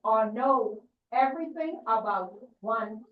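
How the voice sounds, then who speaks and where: Woman church lecturer, higher voice, teaching style that keeps asking the room questions; dull, far-off echoey recording. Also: expressive, takes it slowly. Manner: questioning, checks in with listeners.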